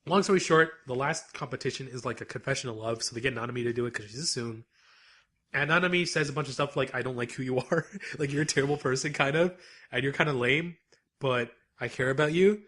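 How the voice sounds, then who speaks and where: A man co-hosting a podcast, recapping anime episodes in casual, animated chat and laughing often. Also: medium pitch, brisk. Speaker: podcast co-host.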